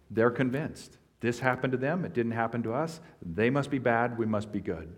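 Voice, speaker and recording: A man's voice: medium pitch, expressive, moderate pace, hardly any pauses, husky. Man preaching an earnest sermon. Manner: earnest expository preaching with emphatic swells. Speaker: pastor.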